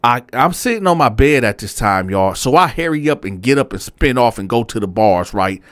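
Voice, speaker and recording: A man's voice: mid-range voice, animated, moderate pace, fairly bright tone, dry recording, studio quality. A man telling a prison story in casual, slangy talk, speaking straight to his viewers. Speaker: storyteller host.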